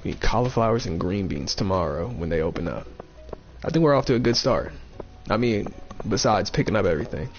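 Brief: gaming host, gravelly and animated, talks to himself as he plays, muffled lo-fi mic. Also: fairly low pitch, brisk, soft background music. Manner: thinking aloud, repeating himself, playful. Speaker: gaming streamer. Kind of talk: casual let's-play commentary.

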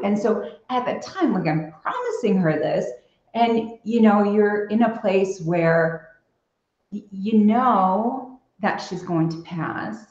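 A woman's voice: mid-range voice, slow pace, darkish tone, echoey room, highs cut off. A woman guest on a podcast, telling personal stories in a reflective, casual way with many fillers. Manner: reflective storytelling with frequent fillers. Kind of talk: casual conversational interview.

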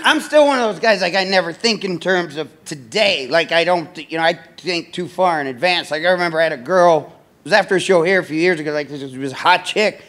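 A man's voice: a little high, a bit bright. A man doing a stand-up comedy set in a club, rambling and self-deprecating, full of fillers and restarts.

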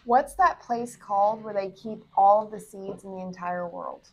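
A woman's voice: medium pitch, normal speed, darkish tone. A woman co-hosting a homestead channel, chatting casually and playfully, often trailing off mid-thought. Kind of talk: casual interview chat.

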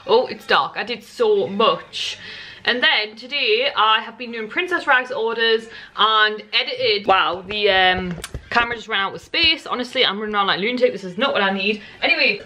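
A young woman vlogging at home in a rushed, gushing and excitable way. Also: on the high side. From United Kingdom. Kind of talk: casual vlog chat. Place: at home in a living room. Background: television audio.

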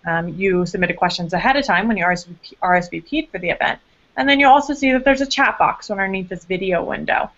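Brisk woman hosting a webcast. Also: mid-range voice, fairly bright tone, highs cut off. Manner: brisk, informative, a few fillers. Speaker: event host. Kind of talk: event announcements.

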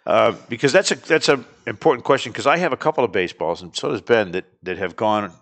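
A man hosting a casual chat, jokey and animated, laughing often. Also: on the low side, quick pace, creaky. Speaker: radio show host.

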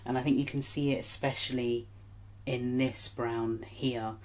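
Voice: mid-range voice, flat delivery, unhurried, darkish tone. Chatty vlogger, early-morning voice. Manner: chatty, rambling and apologetic. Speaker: beauty channel host. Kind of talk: casual makeup vlog chat.

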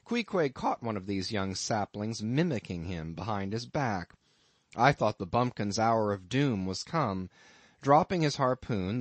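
Brief: male audiobook narrator, measured literary reading, mid-range voice, dead-dry sound. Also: medium pitch, dry recording. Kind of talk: scripted narration of a classic novel.

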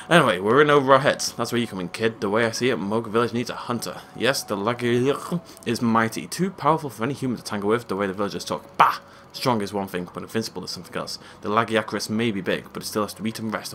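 A man voicing a gruff, blustery old male village chief from a video game, speaking in a folksy, boastful way. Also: fairly low pitch, pushed and bright, a little hiss or hum.

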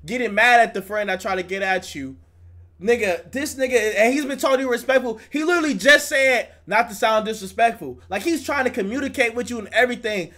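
High-voiced man ranting on a stream. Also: a bit bright. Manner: heated, profane ranting. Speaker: streamer reacting to a video. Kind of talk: live reaction commentary.

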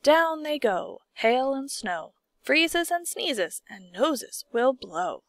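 A bossy, gruff male cloud giant, as a woman puts him on in a storybook, giving orders and chanting in a slow rhythm. The recording is dry and close. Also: high voice, big pitch swings, dry recording, heavily acted.

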